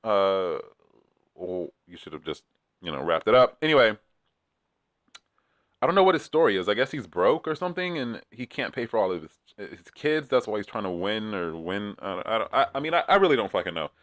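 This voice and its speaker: A man's voice: lowish voice, big pitch swings, brisk, a bit bright, no room sound, studio quality. A man chatting casually in a rambling, profane way, with many fillers, as he recaps a reality show. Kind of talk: casual chat.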